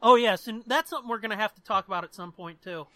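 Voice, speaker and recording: Bright-voiced man swearing through podcast chat. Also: high-pitched, fast, no echo. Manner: profane, laughs often, tells jokes. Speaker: podcast co-host. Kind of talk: casual chat.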